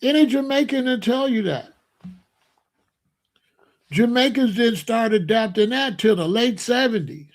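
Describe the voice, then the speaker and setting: A man's voice: very high voice, measured pace, pauses often. A man hosting a livestream, answering chat and lecturing insistently, repeating his points. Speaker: streamer host.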